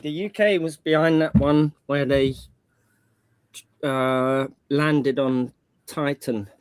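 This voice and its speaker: A man's voice: mid-range voice, fairly even intonation, slow, smooth, no room sound. A man chatting casually on a panel stream, rambling and slangy, often restarting his sentences. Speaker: panel guest. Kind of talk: casual chat.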